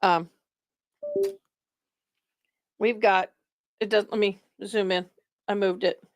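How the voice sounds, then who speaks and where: A woman's voice: medium pitch, fairly even intonation, takes it slowly, no room sound, clean studio sound. A tired woman hosting a livestream, chatting casually and rambling with her viewers. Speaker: livestream host. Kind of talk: casual chat with live viewers.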